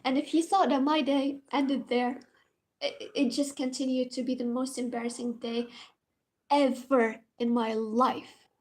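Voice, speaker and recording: High-voiced young woman, storytime vlogger, dramatic and casually profane. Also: a little slow. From Morocco. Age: young adult. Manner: dramatic, animated, swears casually. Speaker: university student, vlogger.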